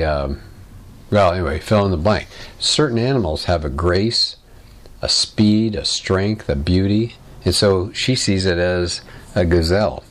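A man giving a classroom lecture, explaining in a conversational way and asking the class questions. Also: deep voice. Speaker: teacher.

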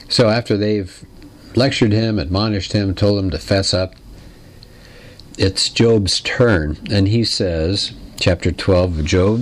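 A man teaching a lecture on literature in a conversational, explanatory way, putting questions to his listeners and clearing his throat now and then. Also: low-pitched.

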